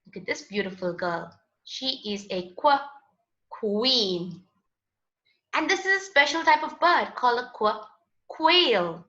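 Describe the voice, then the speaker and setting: A woman's voice: a little high, animated, a little slow, pushed and bright. A woman teaching a children's phonics lesson in a patient, sing-song voice. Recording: echoey, dull lo-fi room sound.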